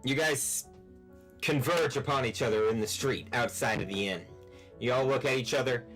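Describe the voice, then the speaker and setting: A man's voice: mid-range voice, moderate pace, a bit bright, soft background music. A man running a tabletop game over an online call, narrating loosely with many fillers. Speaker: game master.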